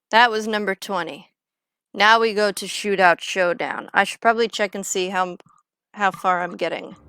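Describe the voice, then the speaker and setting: A young woman with a medium-pitched, slightly bright voice chats casually on a gaming livestream. She rambles, jokes around, and swears freely.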